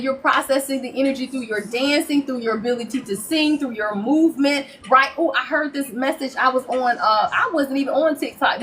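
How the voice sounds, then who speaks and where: A high-voiced woman reads tarot for her live-stream viewers, preaching in an animated way and calling them "y'all" and "child". A faint hum sits under her voice, as from a home setup with a phone or webcam mic. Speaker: tarot reader. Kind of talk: live-stream spiritual reading.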